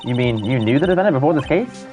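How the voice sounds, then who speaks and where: A man voicing a calm young woman who runs a law office, in a game read-through, with music faint behind. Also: medium pitch, fast, lightly acted. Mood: composed. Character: calm young woman boss, chief attorney.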